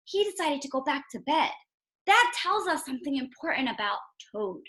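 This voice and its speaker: A woman's voice: high voice, normal speed. A woman teacher reading a storybook aloud and explaining it, asking the listener questions as she goes. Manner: expressive, asks the listener questions. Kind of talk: read-aloud lesson.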